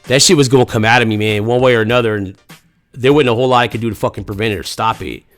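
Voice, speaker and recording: A man's voice: medium pitch, fairly even intonation, very fast, faint music behind. A man from the United States telling a crude comedic story, profane and rambling with lots of slang.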